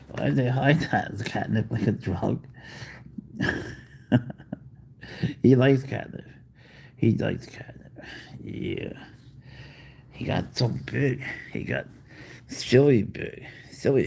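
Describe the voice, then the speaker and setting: A man's voice: on the low side, creaky, dark tone, husky. A man hosting a live stream about his pet, chatting casually and rambling through answers to viewers' questions.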